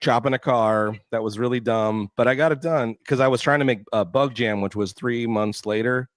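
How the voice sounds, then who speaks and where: A man from Florida chatting as a podcast guest, telling stories with lively quoted voices. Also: mid-range voice, moderate pace, dry recording, studio quality. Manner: animated storyteller, acts out quoted voices. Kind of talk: casual chat.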